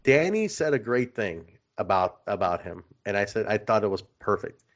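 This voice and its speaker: Animated male podcast host, lo-fi sound. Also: on the low side, normal speed. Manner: animated storyteller, laughs while retelling. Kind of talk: casual podcast chat. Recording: slightly dull lo-fi sound.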